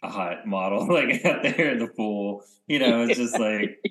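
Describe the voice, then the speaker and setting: A man co-hosting a podcast in casual chat, rambling and often trailing off into quiet mumbles. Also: medium pitch, normal speed. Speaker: podcast co-host.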